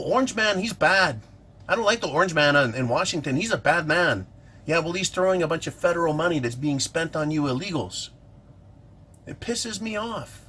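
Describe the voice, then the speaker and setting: A man's voice: medium pitch, a little hiss or hum. A middle-aged man ranting in an indignant, sarcastic vlog monologue about politics. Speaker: political commentator.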